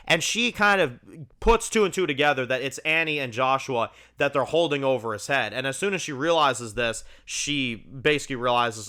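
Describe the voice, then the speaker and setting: On his review channel, a man discusses a TV episode in a relaxed, excited way, constantly saying "like" and "you know." His voice is medium-pitched and sharp, at a normal speed, in a casual spoken review.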